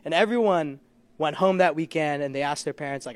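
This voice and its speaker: A man's voice: fairly high pitch, brisk. A young man performing a stand-up comedy set, telling rambling, self-deprecating stories and laughing along. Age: young adult. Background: audience laughter.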